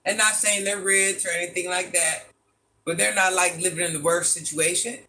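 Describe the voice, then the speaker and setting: A man hosts a casual livestream, talking straight to his chat. His voice is bright and forceful and sits a little high. He is animated and exasperated, firing off rhetorical questions and laughing often. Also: measured pace. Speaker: livestream host reading chat.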